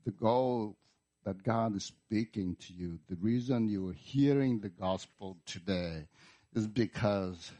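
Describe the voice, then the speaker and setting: Slow, deliberate male preacher. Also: fairly low pitch, warm tone. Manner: slow, deliberate preaching with repeated words and emphatic restarts. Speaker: pastor. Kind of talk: sermon. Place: church.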